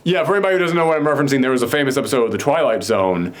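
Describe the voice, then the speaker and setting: A man casually recapping a TV episode with a co-host, rambling with many fillers. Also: medium pitch. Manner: rambling, filler-heavy, quick mock voices for characters. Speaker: podcast co-host.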